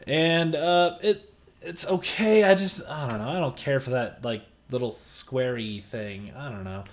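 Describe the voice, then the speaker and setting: A man giving a casual movie review, blunt and exasperated, halting as he gathers his thoughts. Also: mid-range voice. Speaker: film reviewer.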